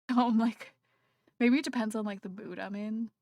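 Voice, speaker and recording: A woman's voice: on the high side, steady tone, a little slow, a little mellow, dry recording, clean studio sound. Rambling, self-conscious woman streamer. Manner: rambling and self-conscious, with many fillers and restarts. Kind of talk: casual live-stream chat. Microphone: computer microphone.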